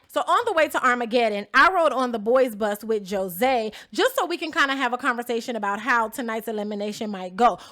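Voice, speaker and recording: A woman's voice: high-pitched, a bit bright. A young woman vlogging, telling a story in a sassy, blunt, profane way and talking straight to her viewers. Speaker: vlogger recapping a reality show she competed on. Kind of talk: animated storytelling vlog.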